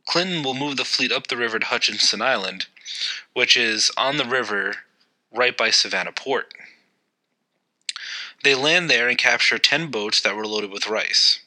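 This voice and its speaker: A man's voice: mid-range voice, moderate pace, pauses often, sharp tone, rough recording. A man hosting a history podcast, narrating events in a loose, conversational way with occasional fillers. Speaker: podcast host.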